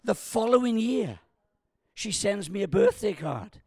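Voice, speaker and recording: A man in his sixties preaching a sermon, telling a funny family story with stumbles, restarts and excited, loud punchlines. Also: high voice, unhurried, vocal fry, husky. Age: 60s.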